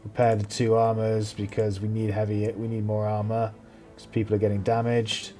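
Excitable sweary man narrating gameplay. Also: fairly low pitch, moderate pace, soft background music. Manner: excitable, swears a lot, mocks enemies. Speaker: let's play host. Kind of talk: gameplay commentary.

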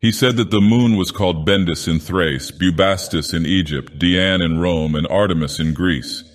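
An ancient, godlike villain, put on by a man, reads a storybook tale in a slow, grand, theatrical way. His voice sits very low and rumbles, and every word trails into a long cavernous reverb. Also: natural voice. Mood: grandiose. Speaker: narrator. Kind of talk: dramatic storybook narration.

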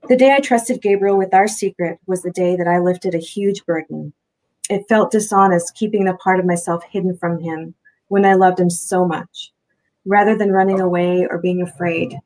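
A woman reads her own novel aloud in first person, soft and steady. Her voice sits low with a gravelly fry at the ends of phrases. The telling is unhurried and even. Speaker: author reading her novel. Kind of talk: first-person book reading.

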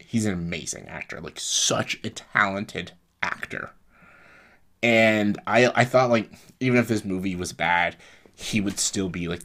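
A young man with a slightly low voice reviews a film in a loose, casual way. He sounds exasperated and keeps breaking into short laughs, with many fillers along the way. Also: pushed and bright. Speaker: movie reviewer.

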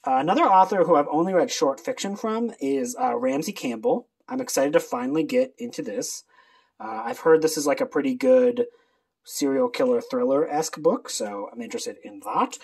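Casual book chat, animated, lots of asides, very lively pitch. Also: moderate pace, vocal fry, slightly rough. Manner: chatty and animated, with frequent fillers and asides. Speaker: book video creator. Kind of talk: casual chat about a reading list.

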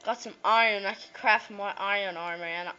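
Excitable woman narrating her gameplay. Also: mid-range voice, moderate pace, clean tone, highs cut off. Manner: chatty, excitable, jokey, with sing-song repetitions. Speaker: gameplay commentator. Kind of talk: casual game commentary.

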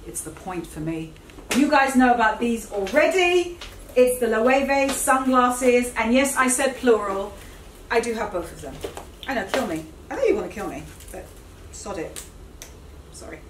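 A woman's voice: a little high, a little hiss or hum. A middle-aged woman chatting enthusiastically to camera as a fashion vlogger at home, often correcting herself mid-sentence. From Britain. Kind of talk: casual chat to camera. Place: indoors at home. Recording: roomy, slightly distant home recording.

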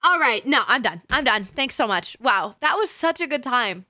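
A woman's voice: on the high side, animated, normal speed, bright, forceful tone, no room sound, clean studio sound. A woman streamer chatting casually with her live chat, crude and teasing, laughing often.

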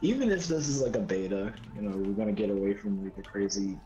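A man's voice: on the low side, expressive, fast talker, dark tone, highs cut off. A man chatting casually with friends while gaming, jumpy and playfully pleading. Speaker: gamer on a group stream.

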